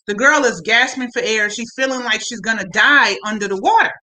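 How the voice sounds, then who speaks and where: A woman casually recapping a TV episode for her viewers, chatty and animated, with frequent asides to the audience. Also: a little high, brisk, low-quality recording. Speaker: show reviewer. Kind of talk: casual recap chat to camera.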